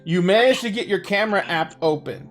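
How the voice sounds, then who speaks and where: A woman's voice: medium pitch, a little fast, loud music behind the voice. A woman running a tabletop role-playing game as game master, narrating with frequent laughter. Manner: laughs often while narrating.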